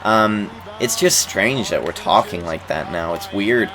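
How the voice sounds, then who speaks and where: Twenty-something guy, lowish voice, rambling gameplay commentary, lots of "like" and restarts. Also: a little slow, a bit bright, faint music behind. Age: 20s. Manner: rambling, chuckling, repeats words. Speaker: gaming YouTuber.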